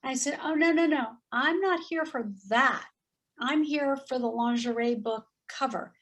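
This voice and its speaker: A woman in her fifties telling a story in casual chat, animated and acting out voices as she goes. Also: high-pitched, unhurried. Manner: animated, acts out voices in quotes, laughs often. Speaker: guest.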